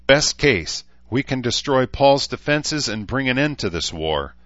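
A man's voice: medium pitch, sing-song, a little slow, fairly bright tone, no room sound, highs cut off, voice pushed up. A man doing a firm, commanding woman leader. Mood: earnest, firm. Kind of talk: audiobook character voice.

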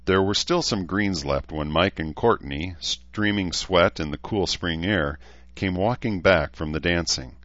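Male narrator, steady storytelling, very low voice, muffled dry recording. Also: measured pace, dry recording. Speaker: audiobook narrator. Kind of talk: scripted narration.

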